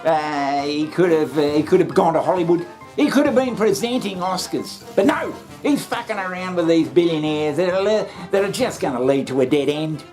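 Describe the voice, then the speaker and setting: A woman's voice: low voice, normal speed, darkish tone, faint music behind. A woman hosting a satirical comedy show, sarcastic and full of swearing, often laughing.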